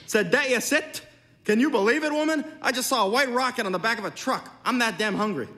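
A man's voice: extremely high pitch, brisk, bright, forceful tone, voice pushed up. A man reading a story voices a hungry, astonished husband calling out to his wife.

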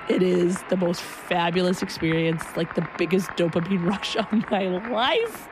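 A woman telling a personal story in an animated way, acting out the people in it. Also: fairly low pitch, noisy background. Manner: animated, breaks into loud acted quotes.

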